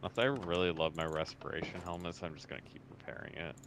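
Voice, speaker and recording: A man's voice: low-pitched, fast, fairly bright tone, a little hiss or hum, rough recording. A man chatting casually while playing a video game, explaining things patiently and matter-of-factly. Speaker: co-player.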